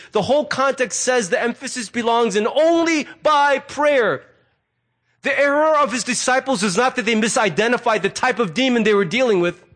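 A middle-aged man preaching a sermon as a pastor, conversational and animated, acting out quoted remarks as asides. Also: very high voice.

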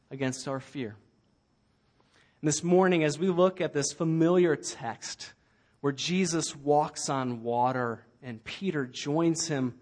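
A man preaching a sermon as pastor, earnest with light humor, slowing down to repeat key phrases. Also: a little high, darkish tone.

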